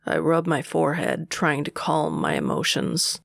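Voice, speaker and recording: A man narrating a romance audiobook in the first person, with a steady, unhurried delivery and a gravelly voice. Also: fairly high pitch, no echo, clean studio sound.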